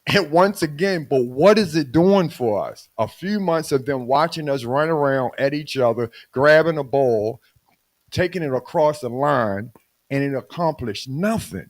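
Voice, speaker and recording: An older man with a Baltimore accent co-hosting a podcast, talking in an animated, preachy way with some teasing. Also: a little high, measured pace, no echo. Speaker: podcast co-host. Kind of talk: casual chat.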